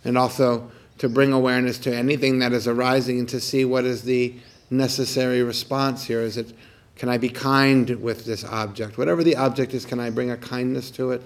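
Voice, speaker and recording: A man of ordinary pitch guides a mindfulness meditation at an easy, unhurried pace. His manner is calm and gentle, and he returns again and again to soft questions. He speaks outdoors during a morning walk. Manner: asks soft repeated questions. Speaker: meditation teacher.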